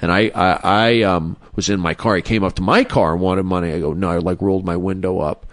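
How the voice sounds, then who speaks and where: With no echo, a man speaking in a deep voice with fairly even intonation and a fairly quick pace tells a personal story as a comedian guest in a podcast interview. He rambles casually, using many fillers and restarting often.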